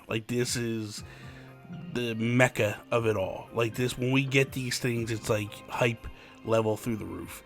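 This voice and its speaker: A man co-hosting a casual gaming podcast, chatty and excitable, full of fillers. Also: medium pitch. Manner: chatty, excitable, many fillers like "like" and "you know". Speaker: podcast co-host.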